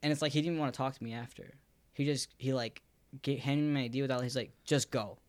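A man's voice: medium pitch, fast, clear, resonant tone, no room sound. Young man, casual podcast talk, rambling, lots of fillers, dry close sound. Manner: relaxed, rambling, heavy on filler words.

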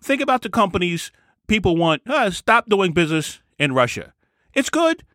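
Bright, emphatic male vlogger. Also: high voice, sing-song, normal speed, no room sound, clean studio sound. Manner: emphatic, repeats key phrases. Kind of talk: opinion commentary monologue.

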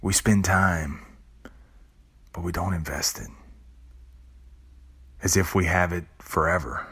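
Deep voiced guy doing a reflective podcast talk, earnest, swears casually, repeats himself. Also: steady tone, takes it slowly, a bit bright, slightly rough. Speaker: podcast host. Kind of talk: reflective spoken monologue.

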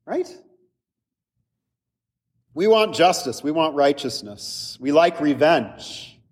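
A man preaching a sermon as a pastor, earnest and conversational, often checking in with his listeners with quick asides. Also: fairly high pitch, lively intonation, in a large hall.

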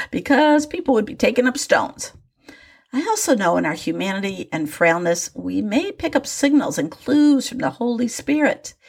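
An older woman with grandchildren, telling a personal faith story in a reflective, wry and self-deprecating way. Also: medium pitch.

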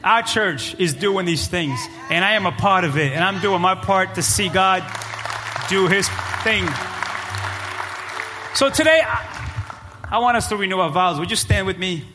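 A man preaching as pastor, moving between shouted, rising climaxes and quieter prayer passages. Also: high-pitched, moderate pace, a crowd in the background. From Cape Verde. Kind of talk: sermon. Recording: live church hall with music and congregation.

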